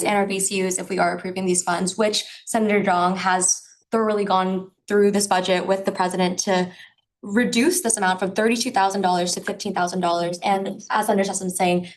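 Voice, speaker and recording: A young woman student senator speaking in a meeting discussion, chatty and quick to laugh at herself. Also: mid-range voice, low-quality recording. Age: young adult.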